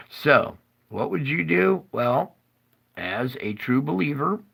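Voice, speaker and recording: Man, storyteller, slow, gravelly, bright edgy tone, animated, rambling. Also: a little high. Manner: animated and dramatic, rambling with restarts. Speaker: video storyteller. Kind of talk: casual storytelling monologue.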